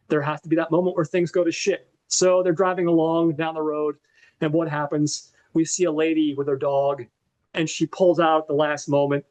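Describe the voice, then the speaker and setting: A man's voice: on the high side, darkish tone. A man co-hosting a podcast, animatedly retelling a movie plot in a casual, profane way with lots of fillers. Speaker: podcast co-host.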